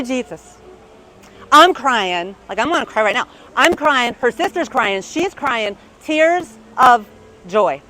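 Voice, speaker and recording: A woman in her fifties, a real estate agent giving a motivational keynote story on stage, lively and peppered with "right?". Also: high voice, rough recording. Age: 50s. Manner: lively, tag questions like "right?". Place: conference stage.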